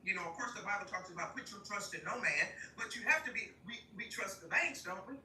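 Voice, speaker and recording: An older woman giving life advice on a livestream from a park, talking to her audience in a lively, folksy way with lots of laughter. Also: mid-range voice, quick pace, slight background noise. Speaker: guest speaker. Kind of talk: casual livestream talk. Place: outdoors at a park. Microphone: phone held while walking. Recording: roomy, distant phone audio with faint ambience.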